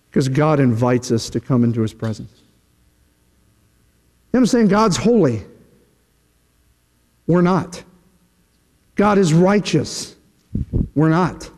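A man's voice: high voice, darkish tone. A man preaching a sermon as pastor, emphatic and full of rhetorical questions and mock quotes. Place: church sanctuary. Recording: long reverb of a church hall.

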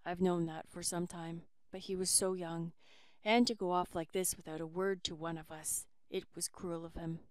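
A grieving farmer father, as a woman reader puts him on, subdued and heavy. The voice drops lower and softer than her narration, staying smooth in a dry storybook reading. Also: steady tone, normal speed, no echo, lightly acted. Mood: grave.

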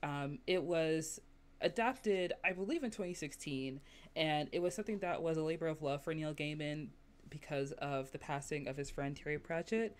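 A woman hosting a podcast, chatting casually, laughing often and acting out quotes in lively asides. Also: low-pitched, moderate pace. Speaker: podcast host.

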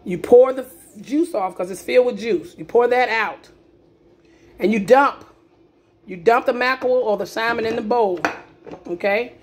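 Speaking at a normal speed, this cooking video host has a slightly high voice and a little background noise. She demonstrates recipes casually in her home kitchen, chatting, repeating herself, and adding frequent "okay?" asides.

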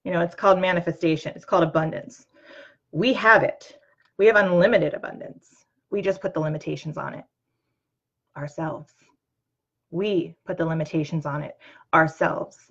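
A woman in her thirties speaks in a rather low voice, giving an earnest, chatty motivational talk. She talks to the listener directly and fills her sentences with ums and you-knows. The recording sounds a little dull and lo-fi. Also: moderate pace, pauses often, fairly bright tone. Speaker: host.

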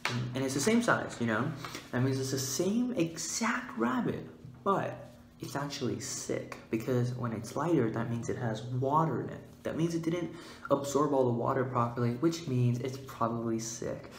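A man's voice: expressive, moderate pace. Goofy man in a roomy echo. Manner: playful, goofy, giggly, with sudden loud high outbursts. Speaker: vlogger. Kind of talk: mock-scientific comedic vlog. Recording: roomy echo, faint background hiss.

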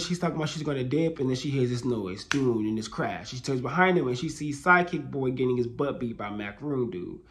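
Casual man retelling a manga chapter. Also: mid-range voice. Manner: animated retelling with filler phrases. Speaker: manga reviewer. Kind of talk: casual discussion.

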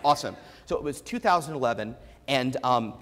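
A man's voice: medium pitch, lively intonation, fairly bright tone. Man telling his story in a reverberant hall. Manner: candid, self-deprecating humor, halting restarts. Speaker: keynote speaker. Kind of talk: personal story keynote. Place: large conference hall before an audience. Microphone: lavalier.

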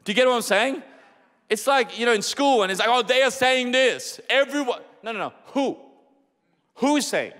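A young man preaching a sermon as pastor, animated and conversational, repeating his points with many rhetorical questions. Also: extremely high pitch, fairly quick. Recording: echoey hall.

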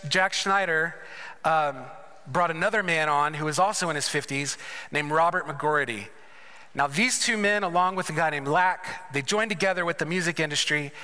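Male conference preacher, high bright voice, chatty storytelling delivery, reverberant church sound. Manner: conversational, storytelling with humorous asides. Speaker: conference speaker. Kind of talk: sermon with personal testimony. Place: large church sanctuary.

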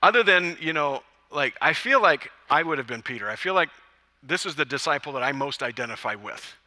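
A man preaching to his church congregation, his voice very bright and ringing. He pitches a little higher than most men and keeps the message lively with jokes and acted-out lines. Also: fairly quick, big-room sound. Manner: lively, joking storyteller who acts out quotes. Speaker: pastor. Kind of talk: sermon. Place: church service.

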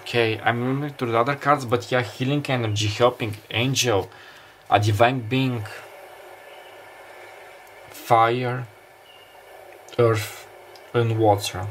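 Halting, musing man doing a tarot reading. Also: medium pitch, steady tone, slight background noise. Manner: musing, halting, many fillers and restarts. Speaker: tarot reader. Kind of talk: pick-a-card tarot reading. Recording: faint beach ambience behind. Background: summer beach ambience sounds.

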